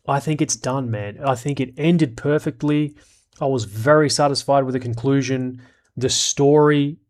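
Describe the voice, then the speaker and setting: Brief: man, live streamer, casual and profane, middle-pitched voice. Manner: blunt and profane, reads chat aloud.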